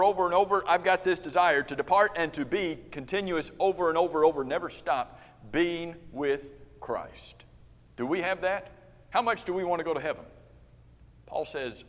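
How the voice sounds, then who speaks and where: A man teaching an interactive Bible class, explaining Greek tenses and repeating key words for emphasis. His voice sits fairly high for a man. It rings out through a church room with long reverb. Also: normal speed, fairly bright tone. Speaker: preacher leading a Bible class.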